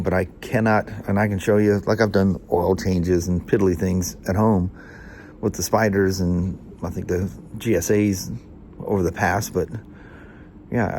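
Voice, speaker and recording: Chatting casually in his workshop vlog, a motorcycle mechanic rambles, restarts and gives small chuckles, his voice nasal like someone with hay fever. The voice is lowish with a darkish tone, and there is a little background noise.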